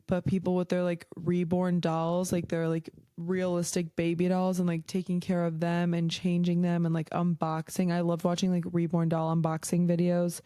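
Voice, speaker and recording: A young woman hosting a solo podcast, chatting casually and rambling through tangents, swearing freely and filling pauses with "um" and "like". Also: lowish voice, monotone, mellow, smooth, no room sound, clean studio sound. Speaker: podcast host.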